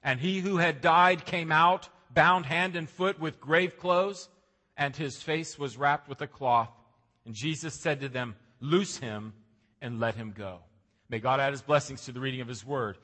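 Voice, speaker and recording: Male pastor, fairly high bright voice, earnest sermon delivery, church hall reverb. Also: moderate pace. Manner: earnest preaching, rising emphasis on key lines. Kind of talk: sermon with scripture reading. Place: church sanctuary.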